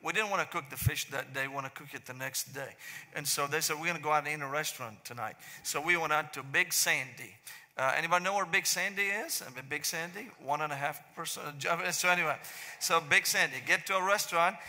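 Syrian-accented pastor with a bright voice. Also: male voice, on the high side. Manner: joking storyteller turning to slow solemn prayer. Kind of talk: sermon. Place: large church sanctuary. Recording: long church reverb.

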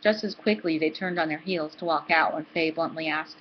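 A woman hosting a book club, reading a novel aloud in a steady, dry manner. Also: deep voice, moderate pace, hardly any pauses, husky, highs cut off.

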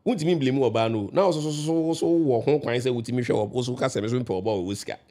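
A man's voice: medium pitch, fast, dark tone. A man, a guest on a radio talk show, explaining his view at length, often restarting and checking that the listener understands. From Ghana.

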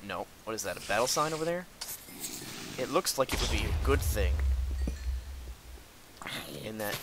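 A young man hosting a gameplay video, excitedly commenting on his own play, talking to his enemies and breaking into outbursts and laughs. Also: lowish voice, background noise. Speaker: gaming video host.

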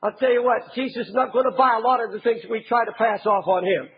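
A man preaching an impassioned sermon as a pastor, often raising his voice to a shout. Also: very high voice, fast talker, husky, muffled recording.

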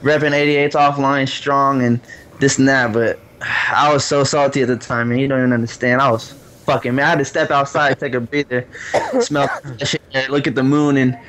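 A man in casual, profane chat, telling an animated, salty story about losing a tournament. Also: mid-range voice, a little fast, rough recording.

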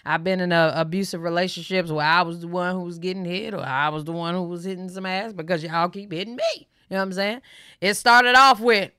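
Lady reacting to a clip, low voice but bright, dry close sound, real blunt. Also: brisk, dry recording. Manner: blunt, opinionated, frank. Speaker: reaction channel host. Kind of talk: reaction commentary.

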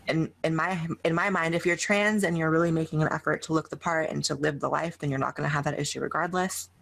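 A woman being interviewed, answering in a relaxed, laid-back way with lots of "like" fillers. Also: sits low, fast, vocal fry. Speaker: interview guest, YouTuber. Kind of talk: casual interview chat.

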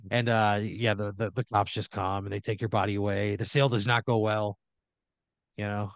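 A man's voice: lowish voice, little pitch movement, normal speed, dry recording, muffled recording. A man hosting a comedy podcast, telling an improvised story in a rambling way, full of restarts and fillers.

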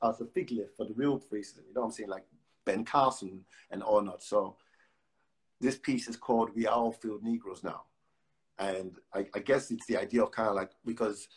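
A man, a poet, chatting loosely with many fillers and then reciting spoken word verse with rhythmic emphasis over a phone live stream. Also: fairly low pitch. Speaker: guest poet. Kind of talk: casual chat and spoken word poetry reading. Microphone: phone on a live video stream.

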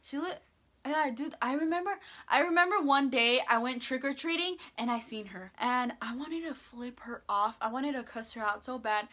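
Bright-voiced teen girl telling a story. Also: high voice, normal speed. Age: teens. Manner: animated storytelling, quoting herself and others, casual swearing. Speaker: vlogger. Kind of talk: story time vlog. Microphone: phone or camera mic.

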